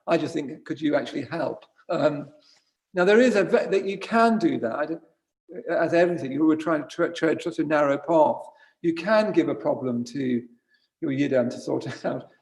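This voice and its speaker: A man's voice: on the high side, moderate pace, a little mellow. A man giving an informal dharma talk as a Buddhist teacher, conversational and wry, often correcting himself mid-sentence. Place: retreat centre shrine room.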